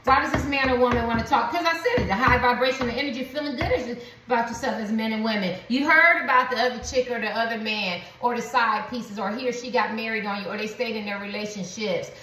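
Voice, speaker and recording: A tarot reader gives her viewers a spiritual reading that rambles and repeats, thick with slang and fillers. Her slightly high voice is pushed and bright, quick, with hardly any pauses. She sits far from the mic in an echoey room, with a little hiss or hum.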